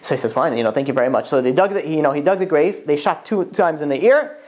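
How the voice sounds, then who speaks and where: A woman telling a long story in a religious talk, halting often, restarting sentences, and filling gaps with "you know". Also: deep voice, animated, darkish tone. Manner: uses Yiddish-flavored religious slang.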